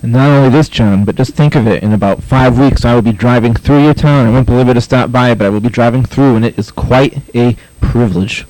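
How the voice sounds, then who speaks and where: A man with a Boston accent, mid-pitched, co-hosts a pirate radio show with dry, deadpan quips. His voice is picked up close, with no room sound. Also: fairly quick, few pauses, dry recording, rough recording. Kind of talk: casual on-air banter.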